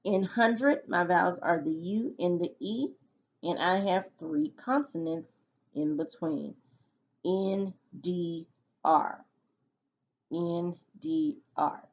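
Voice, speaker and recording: A woman teacher walks young pupils through a phonics lesson, sounding out each letter and syllable with patient care. She speaks slowly, in a voice a little low for a woman. The recording is dull and lo-fi.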